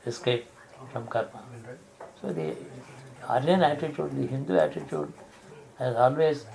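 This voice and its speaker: A man giving a spiritual discourse, explaining slowly and restarting phrases to rephrase his examples. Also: mid-range voice, vocal fry, a little mellow, poor audio. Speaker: spiritual teacher.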